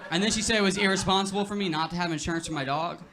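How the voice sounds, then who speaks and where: Young man, stand-up comic, slightly high-pitched, casual rambling delivery, noisy club recording, audience laughter. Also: rapid-fire. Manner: laid-back, filler-heavy delivery with frequent "like" and "you know". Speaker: stand-up comedian. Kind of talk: stand-up set. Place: comedy club stage.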